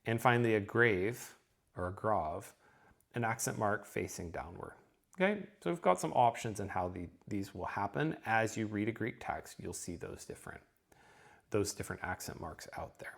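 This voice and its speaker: A man's voice: lowish voice, big pitch swings, normal speed, creaky. A man teaching a recorded lesson, explaining step by step with frequent ums and a checking "okay?".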